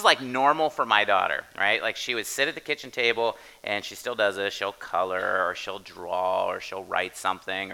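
A man's voice: lowish voice, sharp tone, clear, resonant tone. A man in his thirties, a pastor telling a story in a chatty, casual sermon and often asking "right?".

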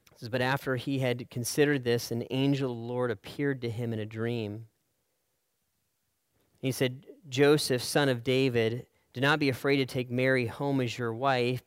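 A man preaching a sermon in an earnest way, often checking in with "right?" and letting his voice fall soft on key lines. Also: medium pitch, smooth, no room sound, studio quality. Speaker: pastor.

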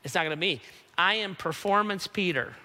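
A preacher puts on a boastful apostle who brags that he never fails. The voice is high and bright. A long hall reverb trails behind each phrase. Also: fairly quick. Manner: cocky, bragging. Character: boastful apostle Peter, a proud grown man.

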